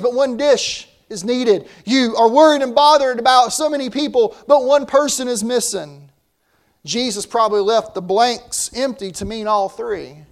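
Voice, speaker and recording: Brief: male pastor, high-pitched voice, talky sermon delivery that keeps repeating words. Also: vocal fry. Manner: conversational preaching with frequent word repeats.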